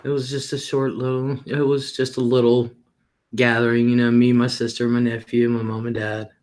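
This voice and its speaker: A man's voice: mid-range voice, level tone, normal speed, darkish tone. A middle-aged man hosting a livestream, talking casually and rambling about his day, often laughing and swearing offhandedly. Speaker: livestream host.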